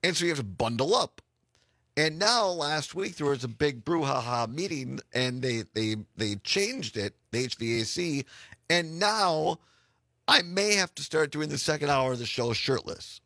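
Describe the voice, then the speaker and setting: A man hosting a talk radio show from a studio, chatting and laughing easily with a hoarse voice. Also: on the high side, animated, normal speed, no echo. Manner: laughs often, warm easygoing rambling. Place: radio studio in an office building.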